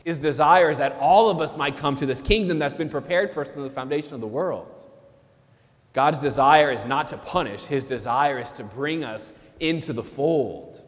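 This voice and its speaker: Earnest priest preaching in reverb. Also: male voice, a little high, moderate pace. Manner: earnest, repeats key phrases for emphasis. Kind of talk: sermon.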